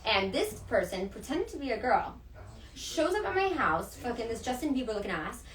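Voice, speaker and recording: A woman's voice: a little high, big pitch swings, moderate pace. A woman telling a story in casual chat, swearing freely and acting out what others said. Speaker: podcast guest, dominatrix. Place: room with several people. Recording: echoey room, mic at a distance.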